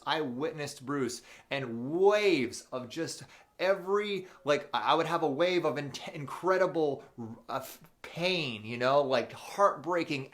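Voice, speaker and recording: A man hosting a live motivational show, telling a personal story in an animated, unscripted way with many fillers and restarts, and reading viewer questions aloud. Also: a little high.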